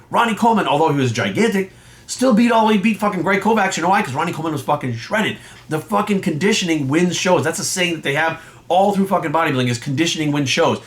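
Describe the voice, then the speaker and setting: A man who coaches and judges bodybuilding, delivering a heated, profane, confrontational rant to his viewers. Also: sits high. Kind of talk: profane ranting vlog monologue.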